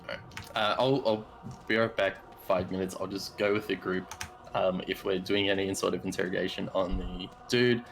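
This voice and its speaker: A man playing in a tabletop game, speaking in a relaxed, plain way. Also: sits low, normal speed, creaky, a little hiss or hum. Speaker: player. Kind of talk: casual tabletop game chat.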